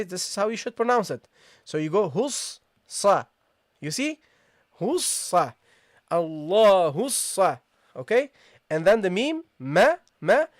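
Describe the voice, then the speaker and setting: A recitation teacher giving a live online tajweed lesson, who explains patiently, often checks in with the class, addresses listeners casually, and slowly repeats the sounds being taught. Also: medium pitch, no echo, studio quality.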